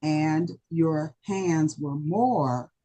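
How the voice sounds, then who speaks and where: A woman giving a slow, deliberate evaluation of a speech at a club meeting, full of warm praise. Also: low voice.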